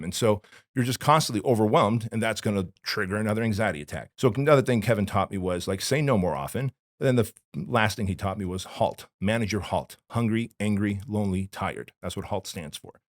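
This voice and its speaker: Very deep-voiced man, blunt and emphatic. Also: a little fast, no echo, clean studio sound. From Armenia. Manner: emphatic, blunt and slangy, addressing the host as dude and bro. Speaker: podcast guest. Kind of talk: candid personal storytelling in a podcast interview.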